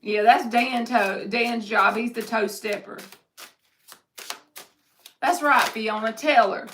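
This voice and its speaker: A woman's voice: fairly high pitch, slow, a bit bright, a little hiss or hum. A woman giving a live-streamed tarot reading, reading viewers' comments aloud and answering them in an upbeat, encouraging way. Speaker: tarot reader.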